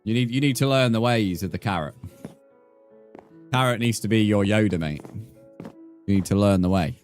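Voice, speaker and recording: A young man chats with viewers while streaming a building game, swearing liberally and calling everyone mate. He has a lowish, darkish voice and keeps a moderate pace, with faint music in the background of this casual livestream.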